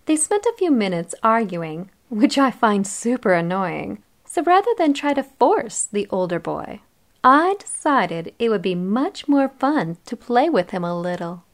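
Woman reading a first-person story out loud, cheery, playful, a bit teasing. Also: mid-range voice, sing-song, a little slow. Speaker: narrator.

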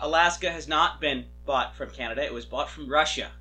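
A man co-hosting a comedy podcast, arguing loudly and exasperatedly and swearing often. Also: on the high side, brisk, a little hiss or hum. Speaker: podcast co-host. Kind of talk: comedic argument.

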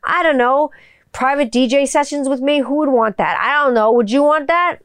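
A woman's voice: high voice, normal speed, no echo. A middle-aged woman hosting her own podcast, rambling casually and swearing freely as she signs off. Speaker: podcast host. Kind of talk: casual podcast sign-off chat.

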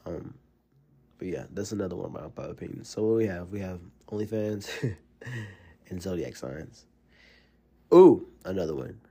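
Rambling Southern-accented man, fairly low voice. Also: normal speed, pauses often, husky. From Alabama. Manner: rambling, animated storytelling with many fillers. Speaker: podcast host. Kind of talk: casual solo podcast monologue.

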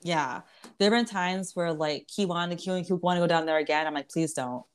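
With a fairly low, steady and smooth voice, this twenty-something podcast host talks briskly. Her casual conversation is frank and laced with profanity, frequent laughs and plenty of false starts.

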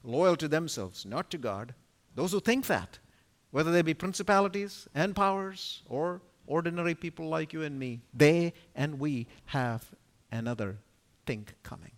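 A man giving an expository Bible teaching at a conference, emphatic and full of rhetorical questions, his loudness rising and falling sharply. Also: fairly high pitch, moderate pace. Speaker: conference speaker teaching scripture. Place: conference venue.

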